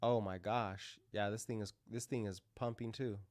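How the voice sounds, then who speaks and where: A man with a fairly low, darkish, steady voice hosts a crypto livestream at a moderate pace, in clean studio sound with no room sound. He talks casually and rambles through live chart commentary, full of fillers and restarts.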